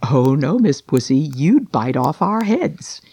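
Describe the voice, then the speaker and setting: A man's voice: on the high side, very animated, takes it slowly, creaky, warm tone, slightly rough, heavily acted. A man voicing a chorus of tiny, merry mice who chant nursery rhymes in a singsong voice. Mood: gleeful.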